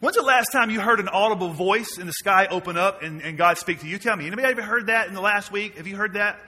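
A man, preaching a sermon to his church, moving between quiet low asides and loud emphatic questions. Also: fast, husky. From Mississippi, US. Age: 40s. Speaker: pastor. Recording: long reverb of a large hall.

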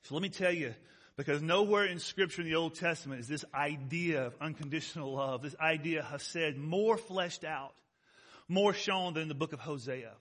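Pastor, male, high bright voice, conversational sermon delivery with drawn-out emphasis and frequent questions to the congregation. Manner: conversational preaching, slows down to stress key words.

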